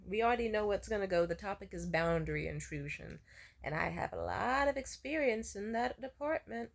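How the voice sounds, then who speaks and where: A woman's voice: mid-range voice, lively intonation, brisk, gravelly. Rambling, profane young woman vlogger. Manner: rambling, profane, exasperated storytelling. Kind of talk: casual storytime vlog.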